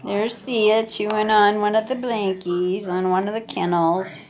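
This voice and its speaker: With a crowd audible behind her, an older woman filming her puppies in an indoor room at home chats in playful sing-song baby talk for a casual home video. Her voice is medium-pitched, flat in delivery, and a little slow.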